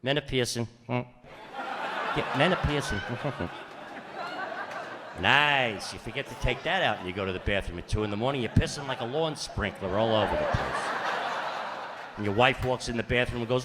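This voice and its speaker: A man's voice: medium pitch, lively intonation, fairly quick, long reverb tail, over a noisy crowd, heavy background noise. A middle-aged man performing a stand-up comedy routine with brash, punchy delivery and mock-exasperated asides.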